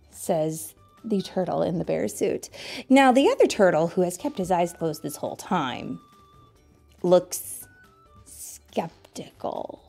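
A woman reading a children's story aloud in a playful, animated way, asking her listeners questions. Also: fairly low pitch, creaky.

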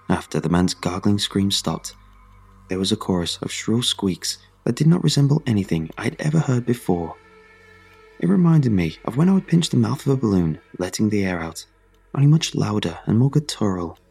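A man narrating a first-person horror story in a steady, measured way. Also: low-pitched, creaky, slightly rough.

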